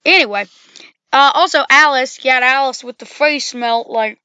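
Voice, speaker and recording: Bright-voiced woman rambling about games. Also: high voice, steady tone, moderate pace, smooth, dry recording, lo-fi sound. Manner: rambling, full of "you know" and self-corrections. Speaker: video game commentator. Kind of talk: casual game commentary.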